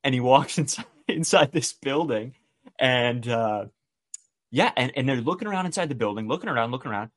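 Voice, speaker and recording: Man telling a story with animated re-enactments. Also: mid-range voice, fairly quick. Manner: animated retelling, acts out quoted dialogue. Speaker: podcast co-host. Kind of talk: casual storytelling chat.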